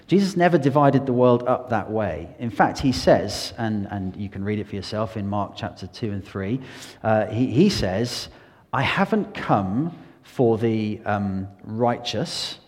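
A man answering faith questions in an earnest, animated way, often acting out the people he quotes. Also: medium pitch, a little slow. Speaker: Christian speaker answering questions. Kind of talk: unscripted Q&A explanation. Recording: long hall reverb.

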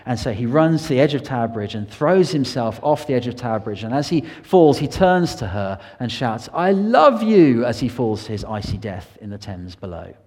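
Man, preaching a sermon, earnest and emphatic, average pitch, long echo of a large church hall. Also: expressive, brisk, few pauses, dark tone.

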